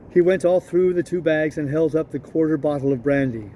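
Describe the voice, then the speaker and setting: A man reads a novel aloud at a steady, unhurried pace and now and then corrects himself. His voice is mellow and pitched a little high. Faint street sounds drift in behind him. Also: slight background noise. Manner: steady, unhurried reading with small self-corrections. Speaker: audiobook reader.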